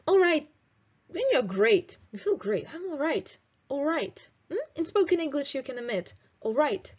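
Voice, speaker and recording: Slow, clear young woman teaching English. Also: high voice, lively intonation, a little mellow, lo-fi sound. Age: 20s. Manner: slow, clear teaching delivery with drilled example phrases. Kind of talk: video lesson for students.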